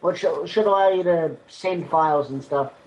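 A man's voice: on the high side, moderate pace, highs cut off, a crowd in the background. A man playing a tabletop game over a noisy voice call, rambling and correcting himself. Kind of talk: casual game chat on a voice call.

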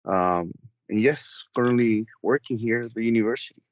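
A man with a slightly low voice describes his tabletop character hesitantly, with many fillers. He is heard close and dry on a dull, lo-fi recording. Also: moderate pace, no room sound. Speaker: tabletop game player. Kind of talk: character introduction in a tabletop game.

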